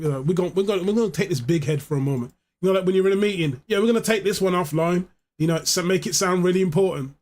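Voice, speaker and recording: A man's voice: high-pitched, darkish tone. A man streaming live, chatting casually in a rambling, joking way, swearing freely. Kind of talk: casual chat.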